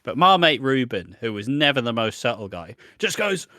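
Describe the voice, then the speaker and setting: A British man co-hosting a podcast, telling stories in a sweary, animated, casual way. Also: mid-range voice, brisk, no room sound, studio quality. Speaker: podcast co-host. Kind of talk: casual chat.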